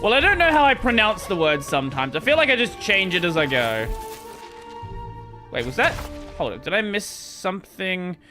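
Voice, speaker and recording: A man's voice: sits high, big pitch swings, normal speed, over music. A man chatting casually while streaming a game, rambling and swearing as he plays. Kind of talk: casual gameplay livestream chat.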